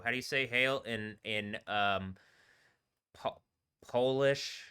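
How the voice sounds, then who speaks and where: A man streaming live, rambling casually in a halting way and trailing off mid-word. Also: mid-range voice, sharp tone, smooth. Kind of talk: casual rambling livestream talk.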